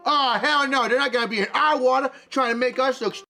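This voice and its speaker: A man's voice: very high voice, steady tone, fast talker, pushed and bright, pitched above the performer's own voice, full character voice. A man voicing a boastful, scheming naval officer in a mock-foreign caricature voice, bragging and shifting blame.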